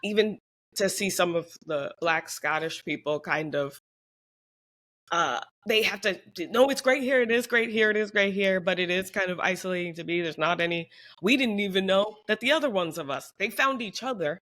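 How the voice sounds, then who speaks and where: A woman co-hosting a podcast in casual chat, lively and acting out quoted people. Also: normal speed. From United States. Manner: animated, acts out quoted voices with big pitch jumps. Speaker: podcast co-host.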